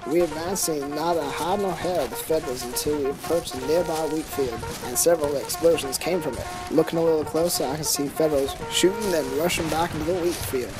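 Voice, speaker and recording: Rebel foot soldier, put-on southern drawl, a man doing the voice, game letsplay, loud music under it. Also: on the high side, brisk, hardly any pauses, lightly acted, rough recording. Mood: recounting. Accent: put-on American Southern. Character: male Confederate soldier recounting the battle. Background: loud background music.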